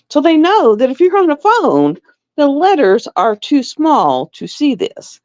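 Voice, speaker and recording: A middle-aged woman sews on a livestream, telling rambling stories in casual chat. She speaks a little slowly in a high, slightly mellow voice with big pitch swings. The audio sounds dull, dry and lo-fi.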